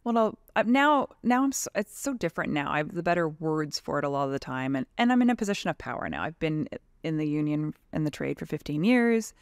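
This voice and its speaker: Frank, animated woman with a gravelly edge. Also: deep voice, fairly quick, hardly any pauses, dry recording, clean studio sound. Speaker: guest, tradeswoman and advocacy leader. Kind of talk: casual podcast conversation.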